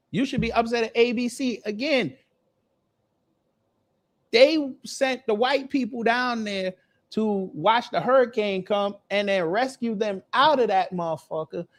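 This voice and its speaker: A man hosting a commentary video, roasting someone with slangy, deadpan jokes. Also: high voice. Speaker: host.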